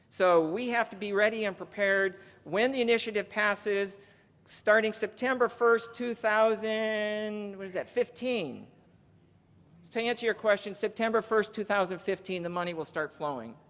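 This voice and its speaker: At a conference, a union legislative presenter gives a chatty speech, reading donor names aloud and counting down. The voice is medium-pitched and a bit bright, with the long reverb of a large hall.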